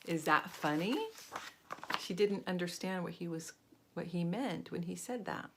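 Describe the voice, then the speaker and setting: An older woman reading a children's story aloud in a gentle way. She pauses to ask the young listeners questions, her voice pitched slightly low. It is a grandmotherly read-aloud. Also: noisy background. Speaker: storybook reader.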